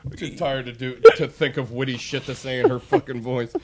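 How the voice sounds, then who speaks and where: A man's voice: medium pitch, steady tone, a little fast, crowd noise. A man cohosting a comedy podcast, tired and sardonic. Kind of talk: casual comedy chat.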